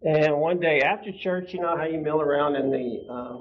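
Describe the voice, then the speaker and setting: A man in his fifties tells a personal story to a church class in a casual, conversational way, stopping to laugh and to put questions to his listeners. His voice sits a little high for a man. The recording is muffled and lo-fi. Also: moderate pace. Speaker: Bible class teacher. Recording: dull lo-fi room recording.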